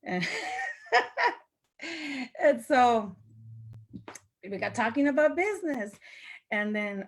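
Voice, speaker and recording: A woman's voice: high-pitched, expressive, unhurried, pauses often. An older woman, a sales representative, telling a casual story to viewers on a live video, laughing often and acting out what her friends said. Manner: chatty, laughs often, acts out quoted friends.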